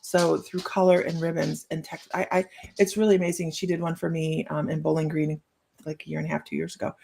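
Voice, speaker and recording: A woman's voice: deep voice, little pitch movement, fairly quick, gravelly, dark tone, husky. A woman hosting a casual live psychic-reading stream, chatty and playful, laughing often as she reads out cheeky card lines. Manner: giggly, chatty, laughs often between remarks.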